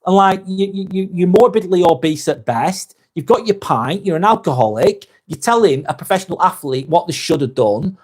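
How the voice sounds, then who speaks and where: A man's voice: high-pitched, expressive, moderate pace, hardly any pauses, slightly rough. A man with a Lancashire accent hosting a live vlog, reading out viewer comments in a blunt, sweary, emphatic way.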